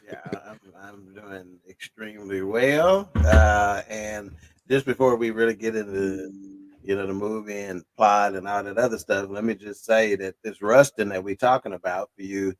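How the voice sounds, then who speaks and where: A man's voice: lowish voice, fairly even intonation, moderate pace, dry recording. A man co-hosting a casual podcast chat, joking in mock-formal banter. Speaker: co-host.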